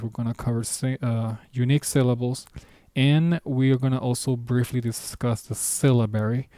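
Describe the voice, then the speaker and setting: A man teaching a beginner language lesson at a whiteboard, explaining patiently step by step and slowing down for example words. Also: medium pitch, mellow, no echo, clean studio sound.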